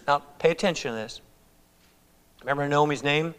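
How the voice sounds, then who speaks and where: A man's voice: medium pitch, brisk, pauses often, fairly bright tone, clear, resonant tone. A male preacher teaching through a Bible passage in a conversational way, voicing the characters' lines as he reads. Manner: conversational, acts out the characters' words. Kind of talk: expository Bible-study sermon. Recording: long reverb of a church hall.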